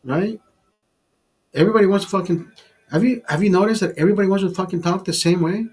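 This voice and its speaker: A fifty-year-old man talks straight to the camera in a blunt, profane rant. His voice is husky and a little high for a man. He trips over words and repeats himself as he pushes his point. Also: fast, darkish tone. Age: 50s. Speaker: vlogger. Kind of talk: casual ranting monologue.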